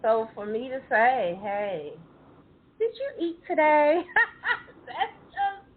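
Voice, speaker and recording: Woman podcast host, unhurried and expressive delivery, laughs often, thin phone-like sound. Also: sits high, breathy edge. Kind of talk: casual chat. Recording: tinny phone-like line.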